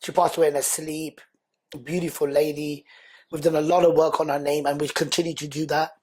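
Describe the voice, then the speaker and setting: A man, a guest on a podcast, telling his life story in an earnest, animated, conversational way. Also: fairly high pitch, brisk, husky. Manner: animated, earnest, acts out quoted speech loudly.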